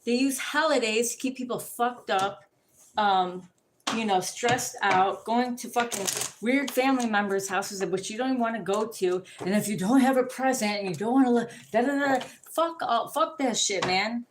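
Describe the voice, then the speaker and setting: A woman ranting casually to the camera, profane and rambling, telling animated stories. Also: on the high side, moderate pace, background noise.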